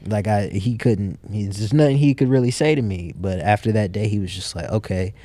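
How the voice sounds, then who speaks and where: A man's voice: on the low side, fairly quick, mellow, no echo. A man guest in a casual interview, telling his story and acting out what he and others said. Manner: storyteller who acts out his own quotes. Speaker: podcast guest, entrepreneur.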